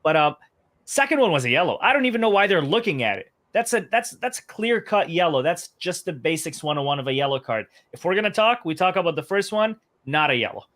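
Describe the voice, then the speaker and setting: A man's voice: a little high, sing-song, fast talker, fairly bright tone. A man co-hosting a fan podcast in casual chat, ranting with animation and acting out quotes in mock voices. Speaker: podcast co-host.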